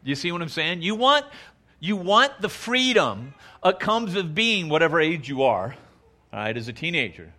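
Bright-voiced man preaching folksy sermon. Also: fairly high pitch, sing-song, moderate pace. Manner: folksy, conversational, uses y'all; acts out quotes in raised voice.

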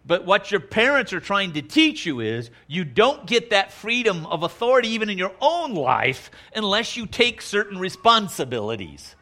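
Bright-voiced man preaching folksy sermon. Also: high voice, big pitch swings, moderate pace, few pauses. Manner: folksy, conversational, uses y'all; acts out quotes in raised voice.

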